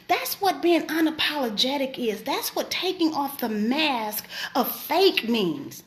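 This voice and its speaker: A woman's voice: high voice, normal speed, few pauses. A woman, host and preacher, giving a casual faith talk in an emphatic, colloquial way. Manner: emphatic, colloquial, animated storytelling.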